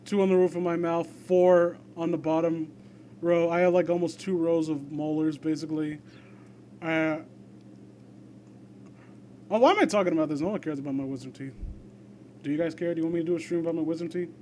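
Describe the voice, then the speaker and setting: A man's voice: fairly high pitch, steady tone, fairly quick, long pauses, a little mellow, slight background noise. A young man reading fan fiction aloud and breaking off into rambling, sarcastic commentary. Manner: rambling, sarcastic asides, trails off.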